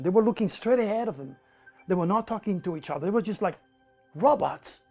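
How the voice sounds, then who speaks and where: An older man from France with a French accent, telling an animated, emphatic story as an interview guest, repeating words for effect. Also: sits high, moderate pace, faint music behind. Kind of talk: storytelling anecdote.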